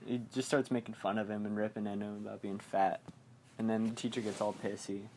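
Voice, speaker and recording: A man's voice: lowish voice, level tone, fast talker, a little mellow, a little hiss or hum. Rambling, giggly young man recapping a movie. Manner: rambling, giggly, acts out characters' lines. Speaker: podcast host.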